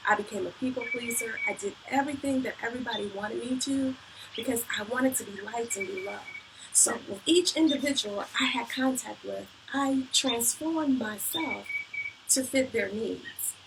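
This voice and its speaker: A motivational speaker with a slightly high, gravelly voice shares her personal testimony earnestly and reflectively, often repeating phrases. The mic is distant and picks up background noise.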